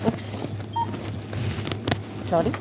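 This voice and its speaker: A woman's voice: extremely slow, loud music behind the voice. A woman vlogging on a handheld phone while out shopping, rambling in chatty, broken English. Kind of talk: casual vlog monologue. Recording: noisy phone recording.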